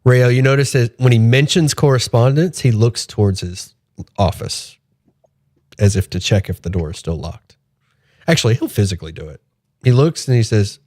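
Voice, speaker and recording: A man's voice: mid-range voice, animated, moderate pace, darkish tone, no room sound, studio quality. A man narrating as game master of a tabletop game, describing actions as he goes.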